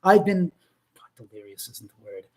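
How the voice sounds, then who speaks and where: Male live-stream host, raised and very expressive pitch, rambling and profane. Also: moderate pace. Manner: animated, profane, reads viewer comments aloud.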